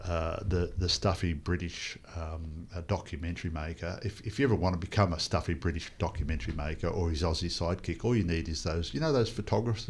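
Male host, very low voice, loose and rambling film talk. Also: fast talker, hardly any pauses, a little hiss or hum. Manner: rambling, hesitant, full of restarts. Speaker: podcast host reviewing a film. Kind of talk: casual chat.

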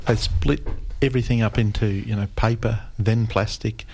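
A man's voice: lowish voice, fairly even intonation, normal speed, creaky, a little mellow, slight background noise. A man chatting casually as a radio guest, rambling and hesitant as he talks.

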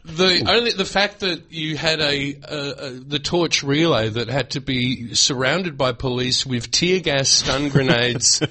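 A man's voice: mid-range voice, a little slow, few pauses, pushed and bright. A man with an Australian accent hosting a food show on community radio, joking and rambling in casual banter from a studio mic. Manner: playful, giggly, rambling. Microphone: studio microphone.

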